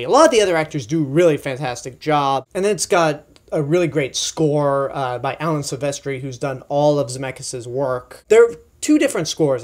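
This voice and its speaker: A man's voice: a little high, darkish tone. A young man giving a casual, chatty film review, enthusiastic and full of asides and fillers. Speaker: movie reviewer.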